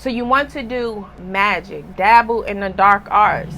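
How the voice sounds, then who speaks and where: A woman's voice: a little high, lively intonation, unhurried, few pauses, background noise. A woman giving a casual spiritual reading, talking bluntly and emphatically with a scolding tone. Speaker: spiritual reader.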